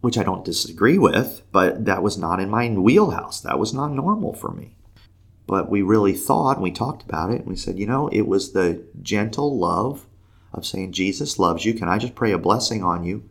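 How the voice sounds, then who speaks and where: A man telling a faith story in a lively conversational way, acting out the voices of the people in it. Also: fairly low pitch, moderate pace, gravelly. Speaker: podcast guest telling a story. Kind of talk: animated storytelling.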